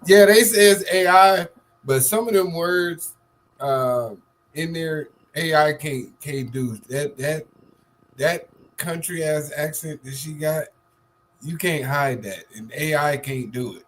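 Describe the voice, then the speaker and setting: A man co-hosting a casual talk show, animated and joking, laughing often. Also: a little high, takes it slowly, a little hiss or hum. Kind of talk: casual chat.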